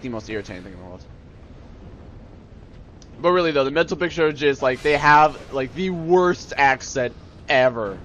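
A man's voice: on the high side, muffled recording, slight background noise. A man hosting a let's play, rambling and sarcastic in his gameplay commentary. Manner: sarcastic, rambling, easily annoyed.

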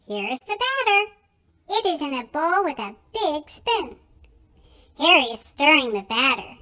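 High, bright, sing-song story reader woman. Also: poor audio. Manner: slow, expressive, sing-song. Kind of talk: reading a picture book aloud.

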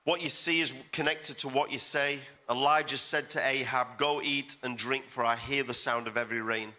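A middle-aged man preaches a sermon as a guest pastor at a church service, his medium-pitched voice steady and sharp at a normal speed. He's emphatic and repeats phrases for effect.

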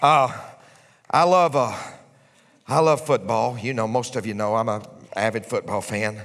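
A man preaching a sermon as pastor, swinging from hushed whispers to shouts. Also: mid-range voice, a little slow, a faint crowd. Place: large church sanctuary. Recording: long church hall reverb.

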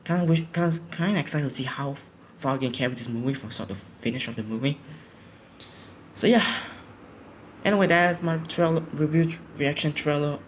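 A man's voice: a little high, brisk, slight background noise. A sleepy young man, just out of bed, giving a rambling casual reaction commentary at home, often restarting his sentences. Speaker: YouTuber reacting to a trailer. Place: home, indoors. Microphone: home recording setup.

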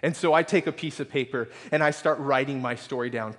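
A male pastor preaching a sermon, telling a personal story that swings between loud, excited passages and hushed, soft ones. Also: medium pitch, a little fast, few pauses. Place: church sanctuary. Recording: long reverb of a church hall.

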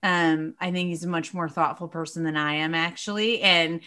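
A woman's voice: low-pitched, fairly even intonation, normal speed, pushed and bright, smooth. A woman talking as a podcast guest in casual chat, loose and chatty with lots of "like" and "you know".

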